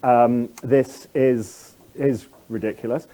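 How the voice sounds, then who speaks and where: A middle-aged man with a standard British accent speaks at a conference. His voice is mellow and relaxed, at an ordinary middle pitch. He rambles in a self-deprecating way, with plenty of fillers and restarts. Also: takes it slowly. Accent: English, standard British. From England. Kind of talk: conference talk.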